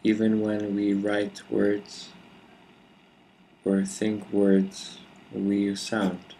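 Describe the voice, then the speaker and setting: Man, low gravelly voice, flat delivery; reflective solo talk. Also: extremely slow, a little hiss or hum, poor audio. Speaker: video speaker.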